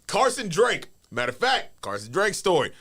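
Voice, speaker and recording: A man telling stories as a guest on a casual podcast, animated and casually swearing. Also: high voice, normal speed. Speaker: wrestler guest.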